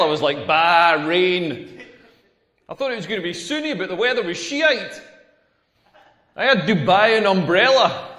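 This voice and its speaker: A brash, crude stand-up comic. His voice sits fairly high, and he rambles from pun to pun, restarting his sentences. The sound rings with the long reverb of a club hall. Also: pushed and bright. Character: brash crude young male stand-up comedian. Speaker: stand-up comedian. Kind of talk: stand-up comedy routine in a game scene. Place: comedy club stage.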